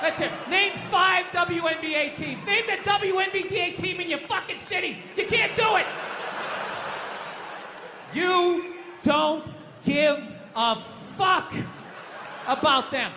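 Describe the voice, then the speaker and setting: A man doing stand-up comedy, telling stories in a shouting, profane rant and putting on mock voices, on a comedy stage. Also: extremely high pitch, slow pace, long pauses, music in the background, crowd noise. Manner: animated storytelling with mock voices. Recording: echoey live venue with audience noise.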